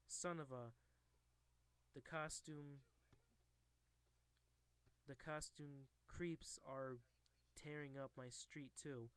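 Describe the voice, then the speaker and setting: A man reading aloud the lines of a gruff, ranting male newspaper boss from a comic, in a flat delivery close to his own voice. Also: medium pitch, drawn-out words, pauses often. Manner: flat read-aloud delivery, little put on.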